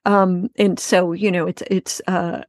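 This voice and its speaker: A woman's voice: lowish voice, little pitch movement, unhurried, no room sound, studio quality. A middle-aged woman, a guest author and editor, talking in a chatty, rambling way. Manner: chatty, many fillers and restarts, laughs easily. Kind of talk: casual interview chat.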